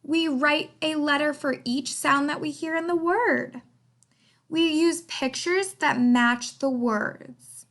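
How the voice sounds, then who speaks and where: High-voiced animated woman teacher. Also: vocal fry. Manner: animated, sing-song teacher voice with frequent emphasis. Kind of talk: remote writing lesson for young children.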